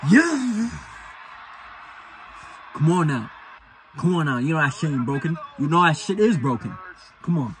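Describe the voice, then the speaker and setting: Brief: young male fan-reactor, lively swooping delivery, slightly high, loud and profane, repeats himself. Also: measured pace, pauses often. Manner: excitable, profane, repeats phrases while yelling at the game. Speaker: sports reaction host. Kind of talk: live football reaction.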